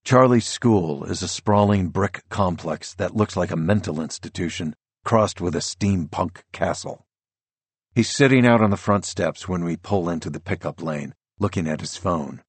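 A man narrating a first-person audiobook in a measured, tense storytelling voice, close on a studio mic. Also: deep voice, breathy edge, no room sound.

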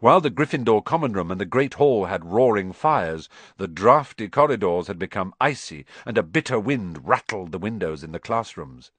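A man narrating an audiobook with expressive storytelling. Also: on the low side, normal speed, few pauses, no echo. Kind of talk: scripted narration.

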